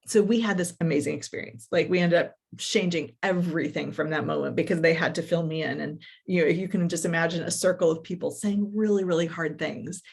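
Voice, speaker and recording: A middle-aged woman coach telling a work story in a podcast conversation, animated and full of quoted dialogue and fillers. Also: lowish voice, brisk, creaky, hardly any pauses, husky. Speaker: coach and workshop facilitator.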